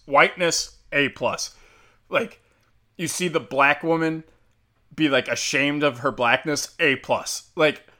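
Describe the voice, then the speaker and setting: A man's voice: on the high side, bright, forceful tone. A young man hosting a casual, heated commentary, sarcastic and profane, with lots of fillers. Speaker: commentary host.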